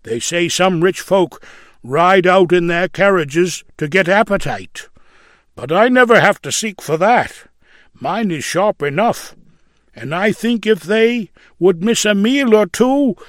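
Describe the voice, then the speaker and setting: Pious poor old man, read by a man; homely, earnest, slow. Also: sits high, animated, fairly bright tone, no room sound, clean studio sound, voice pushed up, heavily acted. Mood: content. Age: older. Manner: homely and earnest, content with little. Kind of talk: reading aloud a story.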